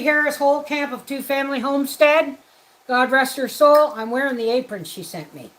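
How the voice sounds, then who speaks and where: A woman's voice: high-pitched, normal speed, fairly bright tone, low-quality recording. A woman hosting a homestead livestream from her kitchen, chatting casually as she cooks and greeting viewers by name. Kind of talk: casual livestream chat while cooking. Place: home kitchen.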